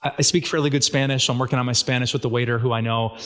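A man's voice: medium pitch, fairly even intonation, racing, a bit bright. A man preaching a sermon as a pastor, talking in a casual, conversational way and asking his listeners rhetorical questions.

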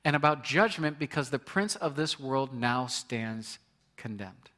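A man's voice: mid-range voice, lively intonation, a little slow, bright, forceful tone. A man preaching a sermon in a conversational way, reading scripture aloud and often restarting his words. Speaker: pastor.

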